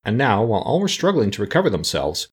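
Man, storybook narrator, raspy tone, animated delivery. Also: lowish voice, fast talker. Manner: expressive, changes voices for each character. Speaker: audiobook narrator. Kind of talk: storybook reading.

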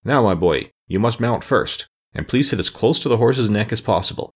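A man voicing a calm, whimsical straw scarecrow king in a storybook reading, with an unhurried, mildly lofty manner. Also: lowish voice, slightly rough. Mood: calm, musing. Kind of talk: audiobook character reading.

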